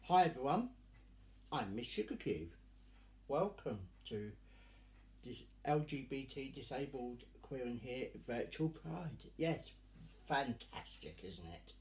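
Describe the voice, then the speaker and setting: A man performing as a drag act speaks to his online audience in a campy, theatrical way. His pitch leaps all over the place while he keeps an unhurried, drawn-out pace. The room around him rings with echo. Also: big pitch swings, a little mellow. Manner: camp, theatrical, calls listeners dear and darling. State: sweltering in costume. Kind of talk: live virtual Pride stage address.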